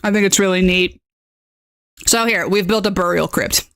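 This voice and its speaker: A woman at mid pitch hosts a casual live-stream tutorial as a game master. She talks in a chatty, excitable way, reacting aloud as she works and tagging her lines with "okay?". Her voice sounds dry and close, with no room echo. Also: normal speed.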